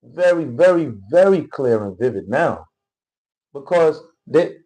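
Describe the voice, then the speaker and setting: A man's voice: on the high side, expressive, unhurried, mellow, poor audio. A man commenting casually on politics during a livestream, reading chat and rambling with many repeated phrases. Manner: rambling, repetitive, keeps asking "you know what I'm saying".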